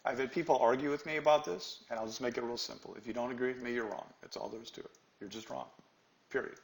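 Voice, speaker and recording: A man's voice: mid-range voice, steady tone, quick pace, creaky, reverberant, poor audio. A man teaching a live trading class, emphatic and quizzing his students with questions. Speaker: trading instructor.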